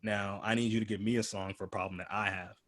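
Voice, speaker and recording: A man's voice: on the low side, flat delivery, fast, fairly bright tone. Laid-back young man hosting a podcast. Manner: loose, rambling, laid-back, heavy filler words. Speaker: podcast host. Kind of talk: casual conversational podcast.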